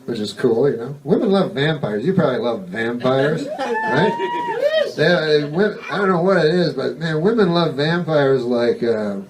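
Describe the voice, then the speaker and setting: A man doing a stand-up comedy set on a club stage, rambling in a deadpan way and swearing a lot. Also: on the high side, normal speed, hardly any pauses, a crowd in the background. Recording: distant mic, noisy live recording.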